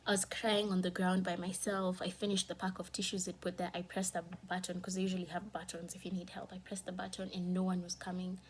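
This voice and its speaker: A woman telling a painful personal story in a candid vlog, fighting back tears, her voice shifting from hushed to heated. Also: on the low side, level tone, fast talker, hardly any pauses, slight background noise. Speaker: vlogger.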